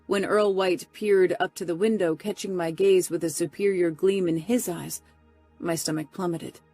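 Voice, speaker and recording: Breathy low-voiced woman narrating. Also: steady tone, moderate pace, mellow, no room sound, soft background music. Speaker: audiobook narrator. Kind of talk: first-person romance audiobook narration.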